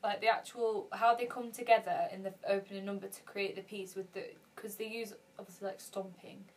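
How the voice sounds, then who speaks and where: A woman chatting casually as a podcast co-host, lively, acting out her own reactions. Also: mid-range voice, a little fast, far from the mic. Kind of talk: casual chat.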